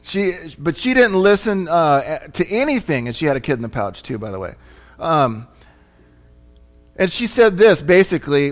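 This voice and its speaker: Guy preaching a sermon, casual and chatty, keeps asking the room questions, voice a bit on the high side. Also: very animated, normal speed, soft background music. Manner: chatty, asks the congregation questions. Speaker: pastor. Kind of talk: conversational sermon.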